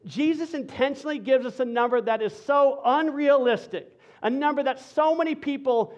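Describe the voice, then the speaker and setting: A man with a high-pitched voice preaches a sermon, talking to the room in a casual, conversational way that swings between punchy emphasis and a hushed, earnest tone. The recording sounds a little dull and lo-fi. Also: moderate pace. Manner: energetic and conversational, dropping to soft intensity. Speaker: pastor.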